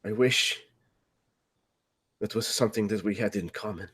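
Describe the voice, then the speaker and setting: A man's voice: lowish voice, fairly even intonation, very slow, darkish tone. A man playing a grief-stricken young man who confronts his father in a strained, raw voice. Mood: bitter.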